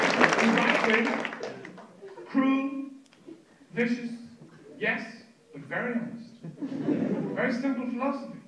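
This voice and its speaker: A man's voice: extremely high pitch, animated, takes it slowly, long pauses, heavy background noise. A middle-aged Irish man doing stand-up comedy, rambling and self-mocking as he chats with the audience. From Ireland. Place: live comedy venue. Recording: echoey live room, distant mic, loud crowd. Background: audience laughter.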